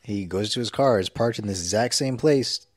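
A man's voice: on the low side, normal speed, dry recording. Easygoing young man, dry close sound. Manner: easygoing, short agreeing replies. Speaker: podcast co-host. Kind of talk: casual chat.

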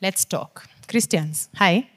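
A woman preacher with a Kenyan accent speaks slowly in a mid-range voice. Her sermon is earnest and pleading, packed with questions, swinging between near-whispers and forceful emphasis.

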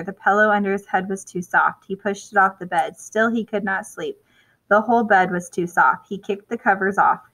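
A woman reading a children's chapter book aloud at a clear, even storytelling pace. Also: mid-range voice, low-quality recording. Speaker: storybook reader.

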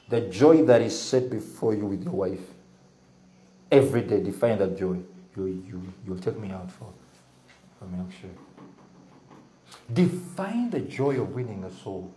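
A man's voice: lowish voice, takes it slowly, long pauses, echoey room, poor audio. A man preaching a sermon as pastor, asking his congregation questions and drawing replies. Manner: lively, call-and-response with the congregation. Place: church.

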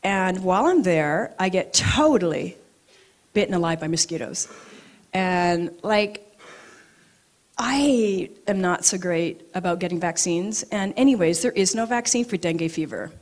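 A middle-aged woman telling personal stories at a live event, animated and acting out both sides of her conversations. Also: fairly low pitch, measured pace. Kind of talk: live storytelling talk. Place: event venue, audience present.

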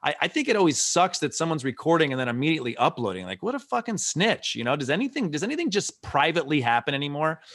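A man appearing as a comedian guest on a podcast, telling animated stories and laughing easily. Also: on the high side, racing, hardly any pauses, no echo, clean studio sound. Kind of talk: casual comedic chat.

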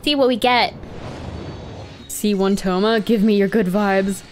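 A young woman gaming streamer giving dramatic, excitable commentary, often squealing and laughing, on a desk microphone. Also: medium pitch, unhurried, slight background noise. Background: faint game music.

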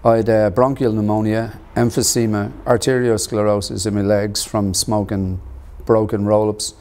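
A middle-aged man from tells his own story in an interview, in a lowish voice. He speaks in an earnest, measured way, pausing and reaching for words. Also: little pitch movement, a little mellow. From Ireland. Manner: measured and earnest, with pauses and fillers. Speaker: actor and author interviewed about his book. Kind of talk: reflective personal storytelling.

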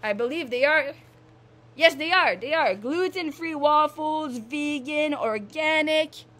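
A young woman from Canada vlogging casually, repeating herself and gushing with excitement. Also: high voice, slow. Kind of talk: casual vlog monologue.

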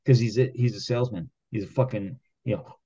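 A man's voice: on the low side, fairly quick, husky. Heated, profane blue-collar man, dull sound. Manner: heated, rambling, swears constantly, acts out quoted arguments loudly. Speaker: podcast co-host. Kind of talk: casual profane storytelling.

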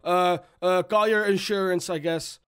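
A young man hosting a gaming video, giving excited gameplay commentary, laughing often and yelling at his teammates. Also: high voice, a little slow, smooth.

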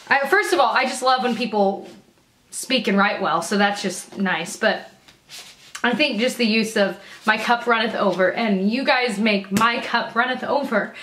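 A woman's voice: a little high, a little slow. Gushing woman vlogger in an echoey room. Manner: gushing, excitable, laughs often. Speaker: vlogger opening mail; teacher. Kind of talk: casual unboxing chat. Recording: echoey room, faint noise.

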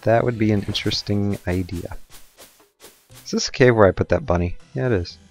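A young man talks through his gameplay in a relaxed, rambling way. His voice sits deep and low, and he drifts into goofy, self-mocking asides. Faint music plays softly behind him. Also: fairly quick. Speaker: let's play gamer. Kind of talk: casual gameplay commentary.

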